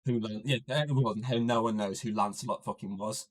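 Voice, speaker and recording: Low-voiced man recapping a film. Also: fairly even intonation, a little fast, over a noisy crowd. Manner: swears freely, plot-recapping, jokey. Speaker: podcast co-host. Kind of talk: casual movie recap chat.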